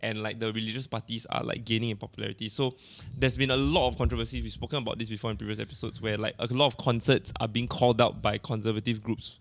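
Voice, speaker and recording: A man's voice: on the low side, level tone, fast, gravelly, hardly any pauses, a little hiss or hum. A man from Malaysia, co-hosting a casual podcast chat and laying out background with plenty of fillers. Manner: chatty, explains background at length with many fillers. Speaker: podcast co-host.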